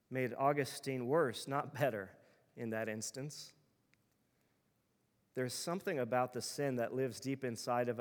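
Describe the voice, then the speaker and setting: A man's voice: mid-range voice, in a large hall. A male pastor preaching a sermon in an earnest, emphatic way, building his points through repeated phrases.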